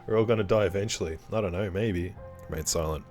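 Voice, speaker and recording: A man's voice: sits low, fast talker, a little mellow, soft background music. A man casually commenting while playing a visual novel, joking and self-mocking.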